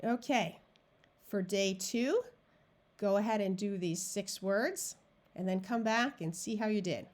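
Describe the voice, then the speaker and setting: A woman teaching syllable division to adult learners. She speaks unhurriedly and leaves space between words. Her pitch sits in an ordinary middle range. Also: a little mellow. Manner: slow, deliberate, clear word-by-word modeling. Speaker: reading tutor. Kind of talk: phonics lesson narration.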